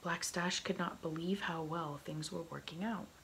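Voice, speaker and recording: A woman reading a novel aloud in soft, slow whispered role-play, close to an ASMR microphone. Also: on the low side, fairly even intonation, creaky, low-quality recording. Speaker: ASMR reader. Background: faint heater hum.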